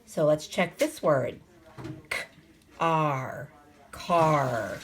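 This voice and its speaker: A woman teaching a phonics lesson to young children, sounding out letters slowly and asking the class coaxing questions. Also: medium pitch, fairly bright tone, a little hiss or hum. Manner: slow, sounds out letters and words.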